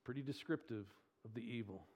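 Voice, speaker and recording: A man preaching a sermon with emphatic delivery, asking the congregation questions and swinging between loud stresses and quiet lows. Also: a little fast, a little hiss or hum. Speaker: pastor.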